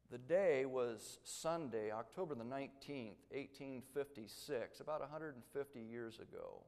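Dramatic male preacher in a reverberant hall. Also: mid-range voice. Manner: dramatic storytelling, swings from loud emphasis to hushed tones. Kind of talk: sermon.

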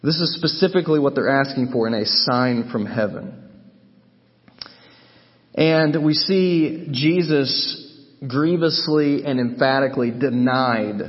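A man preaches through a Bible passage, pressing his points with emphasis and often restarting his sentences. His voice sits at an ordinary pitch for a man. It rings out in a hall with a long reverb, and the recording sounds somewhat muffled. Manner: emphatic, thinking aloud with restarts. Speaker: Bible teacher. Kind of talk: sermon teaching.

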